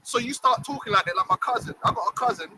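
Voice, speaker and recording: Heated host, high and lively, gravelly, distant noisy mic. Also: male voice, fast talker. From England. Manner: emphatic, preachy, uses street slang. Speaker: livestream host. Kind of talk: heated casual discussion.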